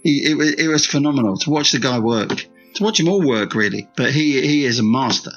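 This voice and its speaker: A man's voice: medium pitch, animated, brisk, a bit bright, dull audio, faint music behind. A man guest author and screenwriter in a casual podcast interview, rambling with frequent restarts.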